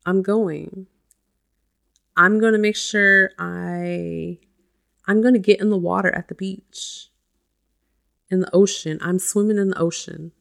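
A woman's voice: mid-range voice, fairly even intonation, takes it slowly, vocal fry, long pauses, fairly bright tone. A woman and mother hosting a self-help podcast, talking casually and chatting with lots of "you know" and "like". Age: adult with a child. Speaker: podcast host.

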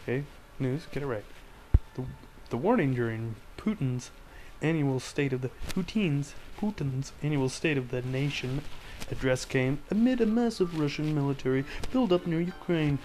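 A man's voice: a little high, lively intonation, normal speed, a little mellow, a little hiss or hum, rough recording. A man hosting a casual podcast, ranting sarcastically about news headlines with a rambling, filler-heavy delivery. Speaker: podcast host.

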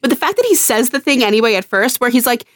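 A woman's voice: a little high, big pitch swings, quick pace, a bit bright, dry recording, studio quality. A young woman co-hosting a podcast in casual chat, blunt and sarcastic, swearing freely.

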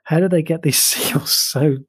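A man co-hosting a relaxed film review chat, his voice slightly husky and recorded dry with no room sound. He talks eagerly, with many fillers and restarts. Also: on the high side, a little slow, dry recording. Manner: chatty and enthusiastic, with frequent fillers and restarts. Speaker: film podcast co-host.

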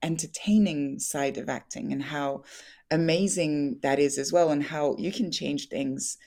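A woman's voice: low-pitched, unhurried, dark tone. A young woman, an actress, talking candidly in an interview, chatty, laughing often and full of fillers and restarts.

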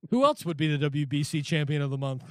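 Profane, ranting podcast host. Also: male voice, on the high side, fairly bright tone, dry recording, studio quality. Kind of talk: casual boxing chat.

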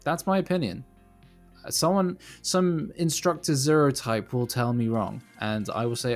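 A man's voice: mid-range voice, moderate pace, soft background music. A man co-hosting a casual podcast, rambling and self-deprecating, laughing often. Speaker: podcast co-host.

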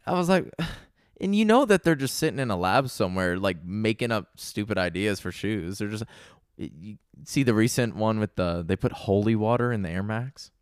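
A man hosting a casual chat, relaxed and joking, with trailing asides. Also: fairly low pitch, normal speed, smooth, no room sound, clean studio sound.

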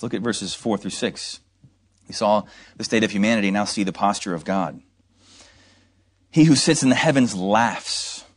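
A man preaching an expository sermon, explaining scripture verse by verse with rhetorical questions and mocking asides. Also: low-pitched.

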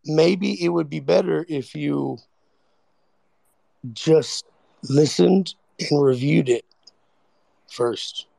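A man in a heated online group argument, insistent and repetitive, talking over others with a gravelly voice. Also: on the high side, drawn-out words, long pauses, mellow, dry recording. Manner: insistent, repeats words, talks over others.

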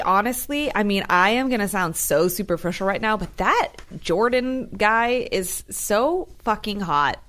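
A young woman co-hosting a casual chat, chatty and animated, swearing freely. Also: medium pitch. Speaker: podcast co-host.

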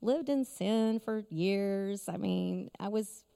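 A woman's voice: medium pitch, slow pace, gravelly, mellow, smooth. A middle-aged woman giving an emotional personal testimony at a conference, storytelling with frequent laughs. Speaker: conference speaker. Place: large conference hall. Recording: long hall reverb.

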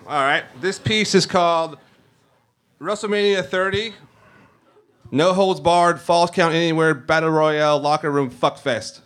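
A man's voice: a little high, a bit bright. Wry man reading on stage. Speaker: comedy reader. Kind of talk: reading comic fiction aloud. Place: comedy club stage.

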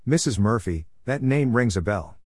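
A man's voice: medium pitch, lively intonation, moderate pace, slightly rough, no room sound, studio quality. Man voicing a scornful snobbish mother. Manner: scornful, sharp-tongued. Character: stern disapproving middle-aged mother. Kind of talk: storybook character voice.

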